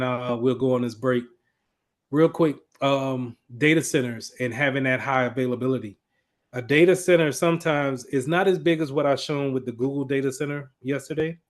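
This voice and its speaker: A man teaching an IT class in a casual, conversational lecture, with frequent fillers and restarts as he explains. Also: medium pitch. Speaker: IT instructor.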